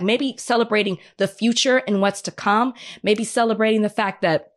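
A woman's voice: mid-range voice, fairly bright tone. A congested woman, under the weather, co-hosting a casual political chat and thinking aloud with frequent restarts. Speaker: podcast co-host.

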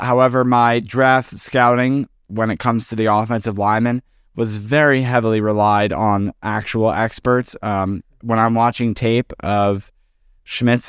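Man, tired and yawning, low voice, smooth, dry close mic, casual podcast analysis. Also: no echo. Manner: analytical, many fillers. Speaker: podcast co-host. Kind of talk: casual sports podcast chat.

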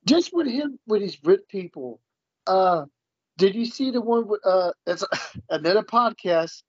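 Man, husky voice, hesitant repeats, casual podcast talk, dry dull sound. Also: high voice, lively intonation, unhurried, no room sound. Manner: hesitant, repeats words, laughs often. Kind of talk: casual chat.

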